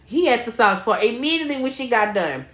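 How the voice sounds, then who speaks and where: A young woman with a high voice tells a story to her co-host in loose, profane, animated chat. She acts out the quotes as she goes. The room gives her voice a noticeable echo. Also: brisk. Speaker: podcast co-host. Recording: echoey room.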